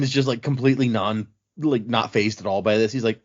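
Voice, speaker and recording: A man's voice: medium pitch, brisk, muffled recording. A man on a podcast casually recapping book chapters, acting out the characters' lines as he goes. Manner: animated, acts out characters' lines while recapping. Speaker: podcast co-host.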